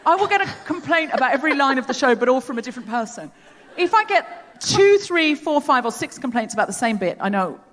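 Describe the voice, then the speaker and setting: A woman's voice: high voice, big pitch swings, quick pace, a bit bright. A woman hosting a live comedy podcast on a theatre stage, telling rambling, self-deprecating stories. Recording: long theatre reverb.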